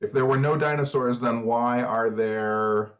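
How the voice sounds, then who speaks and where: A man's voice: medium pitch, unhurried, lo-fi sound. A man co-hosting a podcast in casual, joking chat, laughing easily. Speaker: podcast co-host.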